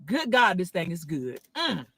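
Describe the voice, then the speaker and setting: A woman films herself in her car on her phone. Her voice is bright and clear. She talks with a drawn-out, preacher-like cadence. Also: fairly low pitch, dry recording. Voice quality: animated southern-style preacher cadence, drawn-out exclamations. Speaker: food video creator. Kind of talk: casual selfie video review.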